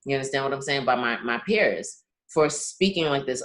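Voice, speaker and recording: A woman's voice: very deep voice, lively intonation, a little fast, fairly bright tone. A young Caribbean-born woman co-hosting a casual podcast, making her point earnestly and often checking that she is understood. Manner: earnest, keeps asking "you understand what I'm saying?". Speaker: podcast co-host.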